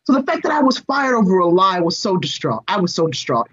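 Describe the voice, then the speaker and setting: A woman in her forties, an interview guest, telling a personal story in an expressive, animated way and speaking straight to the host. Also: on the low side, quick pace, husky. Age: 40s. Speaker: guest, entertainment reporter and screenwriter. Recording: slightly dull lo-fi sound.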